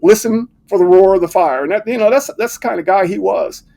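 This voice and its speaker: An older American man with a notably high-pitched voice spins stories in a relaxed interview. He is animated and keeps slipping into the voices of the people he remembers. The talk is casual and full of little fillers. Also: brisk, vocal fry. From United States. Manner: animated storyteller who acts out quoted dialogue. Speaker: retired fire captain, guest.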